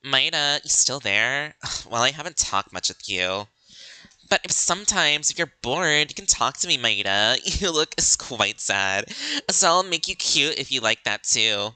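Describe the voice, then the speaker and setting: A man's voice: medium pitch, animated, a little slow, pushed and bright, clear, resonant tone, no room sound, voice pushed up, rough recording. A man voicing a pushy, money-grubbing teenage girl in a game, in a whiny, wheedling way. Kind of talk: reading game dialogue aloud.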